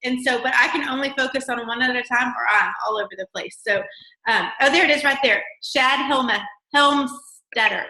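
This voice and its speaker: Woman host, casual live chat, rambling and upbeat, bright tone. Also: high-pitched, roomy sound. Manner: bubbly, rambling, quick laughs.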